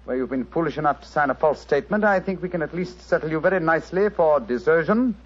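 Sherlock Holmes, cool British detective. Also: male voice, on the high side, expressive. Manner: crisp, measured, lordly deduction. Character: sharp, cool male detective, precise. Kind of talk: 1940s radio acting. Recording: dull old radio broadcast.

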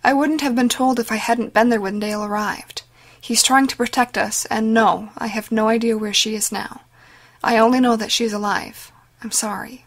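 A woman voicing a mild-mannered, kindly male priest who speaks softly. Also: on the high side, steady tone, normal speed. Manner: mild and soft-spoken. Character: gentle, jovial middle-aged male priest.

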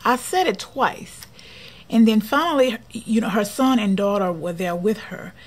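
A woman chatting casually while decorating her planner for a vlog, often dropping to a soft near-whisper. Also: medium pitch, unhurried. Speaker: planner vlogger.

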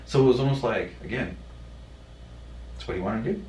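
A man telling a personal story in a podcast conversation, blunt and profane, halting with many fillers. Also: mid-range voice, darkish tone, a little hiss or hum. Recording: roomy sound from a distant mic.

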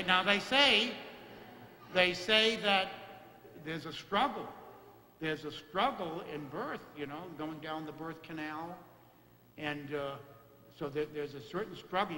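A man giving a homily in a folksy, halting way, with many fillers and restarts. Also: fairly high pitch, pushed and bright. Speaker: priest. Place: church. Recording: echoey church with long reverb.

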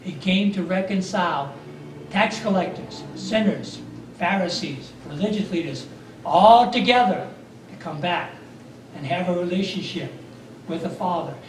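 A man's voice: sits high, lively intonation, a little slow, slight background noise. A man preaching a sermon in a church sanctuary, telling the story with fervent, repeated phrases. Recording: echoey church hall from far off.

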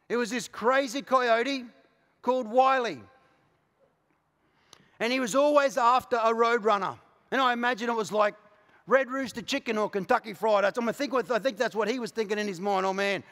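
A man with an Australian accent preaching a passionate sermon as a pastor, moving from quiet, intimate asides to shouted declarations. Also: very high-pitched. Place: large church auditorium. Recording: live church recording with long hall reverb.

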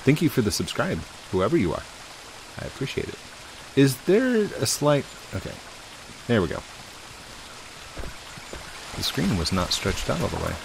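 A man's voice: mid-range voice, sing-song, moderate pace, gravelly, long pauses, background noise. A man chatting through a let's play, talking to viewers as he plays, with game music behind. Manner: chatty, talks to viewers while playing. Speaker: gaming channel host.

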